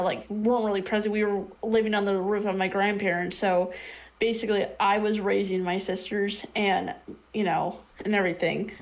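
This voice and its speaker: A woman's voice: mid-range voice, poor audio. A woman telling a personal story on a stream in a blunt, rambling way. She swears freely and fills her talk with restarts. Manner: many restarts and fillers like "like". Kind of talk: casual storytelling chat on a stream.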